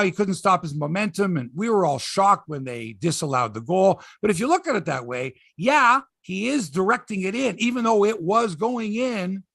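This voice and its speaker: A middle-aged man, hosting a casual sports podcast and telling stories in an excitable, animated way, swearing freely. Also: a little high, creaky, slightly rough, dry recording, studio quality.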